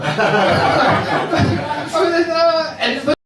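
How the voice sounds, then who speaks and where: A man's voice: very high-pitched, very animated, a little slow, long pauses, fairly bright tone, a faint crowd, a little hiss or hum. An older man performing a stand-up set in an underground comedy club, poking fun at himself and chuckling at his own lines. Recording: echoey club mic, heard from far. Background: audience laughter.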